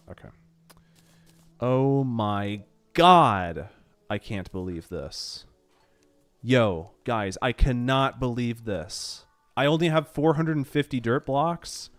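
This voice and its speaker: A young man streaming a game, rambling and swearing with mock exasperation, nose running from allergies. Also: lowish voice. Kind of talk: casual game stream chatter.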